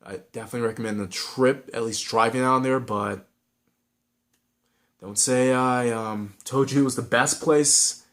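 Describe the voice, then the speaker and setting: A man's voice: mid-range voice, fairly even intonation, unhurried, fairly bright tone. A man with a Southern California accent giving frank, rambling advice in a casual vlog, with many restarts and fillers.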